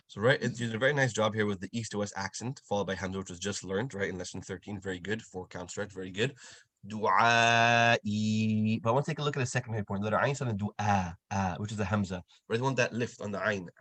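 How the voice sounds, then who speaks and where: A man teaching Quran recitation over a video call, patiently correcting students and slowly demonstrating sounds. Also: fairly low pitch, fairly bright tone, slightly rough. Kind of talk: online tajweed lesson, giving corrections.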